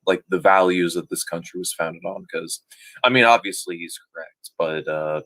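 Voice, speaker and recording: Low-voiced man rambling through commentary. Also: normal speed, a bit bright. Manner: rambling, loses his train of thought. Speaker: streamer reacting to a video. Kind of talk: casual reaction commentary.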